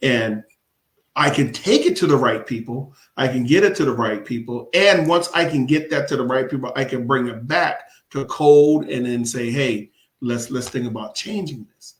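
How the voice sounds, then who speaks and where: A man's voice: medium pitch, moderate pace. A man running for city council, talking emphatically in a casual interview, repeating words for stress and laughing often. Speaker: city council candidate and commissioner. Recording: echoey room.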